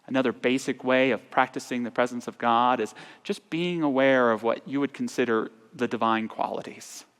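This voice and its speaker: A man's voice: medium pitch, steady tone, normal speed, hardly any pauses, smooth. A man giving an earnest sermon as minister, his voice sometimes falling almost to a whisper. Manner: earnest, with soft drops to near-whispers. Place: large church sanctuary. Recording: long church reverb.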